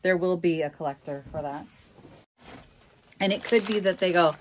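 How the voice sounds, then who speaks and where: Sorting auction finds, a middle-aged Minnesota reseller talks in a relaxed, frank way and cracks jokes along the way. Her voice sits on the low side and is a bit bright, moving at a normal speed.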